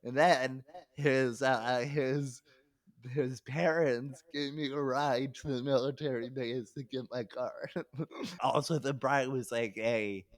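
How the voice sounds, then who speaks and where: A man's voice: medium pitch, steady tone, takes it slowly, no room sound. A young adult male comedian telling a story on a podcast, talking loosely, swearing and laughing as he goes. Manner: loose, rambling, swears, laughs mid-sentence. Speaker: comedian guest.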